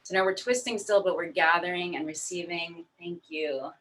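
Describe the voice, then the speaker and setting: A woman's voice: on the low side, moderate pace, fairly bright tone. A woman leading a guided movement and breathing session, soothing and encouraging with step-by-step cues. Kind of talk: guided exercise instructions. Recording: voice from far off the mic.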